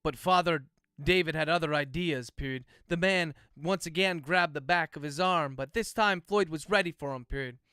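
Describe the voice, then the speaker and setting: A man's voice: fairly high pitch, moderate pace, few pauses, sharp tone, clear, resonant tone, no room sound, clean studio sound. A man, an author, dictates his novel aloud on a livestream, speaking each comma and period, then chats loosely with viewers. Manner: speaks punctuation marks aloud while dictating; loose, chatty asides to viewers between passages.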